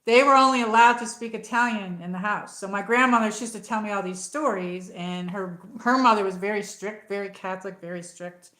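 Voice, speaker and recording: A woman's voice: medium pitch, brisk, hardly any pauses, bright, forceful tone, echoey room, rough recording. A woman hosting a casual livestream, chatting in a rambling way with many fillers while answering viewers. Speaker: livestream host. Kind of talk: casual livestream chat reading comments.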